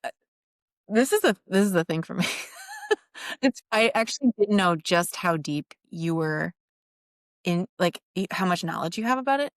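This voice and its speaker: A woman's voice: fairly low pitch, lively intonation, moderate pace, long pauses, no echo, clean studio sound. A woman co-hosting a podcast in casual chat, candid and self-deprecating, often restarting her sentences. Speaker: podcast co-host.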